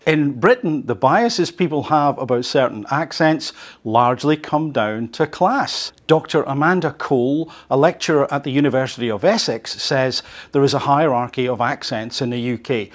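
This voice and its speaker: A man hosting an English-learning show, reading an article aloud and adding conversational, animated asides. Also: on the high side. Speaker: podcast host teaching English.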